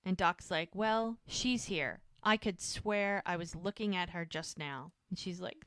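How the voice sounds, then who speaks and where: A woman's voice: lowish voice, measured pace, few pauses, a bit bright, clear, resonant tone, no echo. A woman co-hosting a rewatch podcast, eagerly retelling scenes and acting out the characters' lines in casual chat. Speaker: podcast co-host recapping a show.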